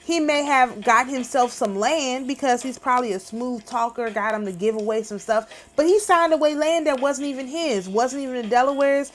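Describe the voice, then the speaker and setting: A woman's voice: high voice, moderate pace, hardly any pauses. A woman hosting her own channel, talking in a casual, emphatic and indignant way. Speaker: channel host. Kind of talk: casual vlog commentary.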